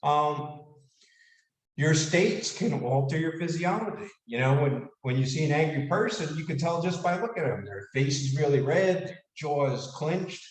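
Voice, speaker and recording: A man giving an animated, casual motivational lecture who asks the audience questions. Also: on the high side, normal speed. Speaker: speaker giving a leadership talk. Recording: echoey room, mic at a distance.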